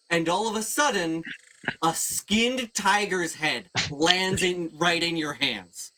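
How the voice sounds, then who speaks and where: A man narrating as game master in a casual, animated way. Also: high-pitched, measured pace. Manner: animated, casual, swears freely.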